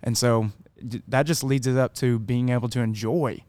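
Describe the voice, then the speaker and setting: A man's voice: medium pitch, steady tone, normal speed, a little mellow, smooth, no room sound. A man talking earnestly about faith in casual podcast chat. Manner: laughing, earnest.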